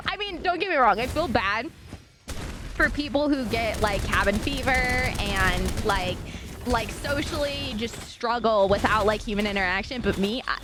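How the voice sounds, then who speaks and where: Brief: high-pitched female streamer, loose and chatty, frequent laughs and swearing, music underneath. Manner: animated, laughs often, swears freely. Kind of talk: casual stream chat.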